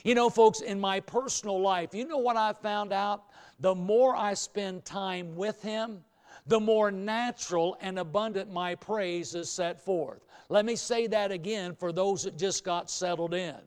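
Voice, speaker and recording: A man's voice: sits high, steady tone, a little slow, a little mellow, clean tone. A man preaching a sermon to a hall audience in a folksy way, repeating phrases for emphasis and leading call-and-response. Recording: long hall reverb.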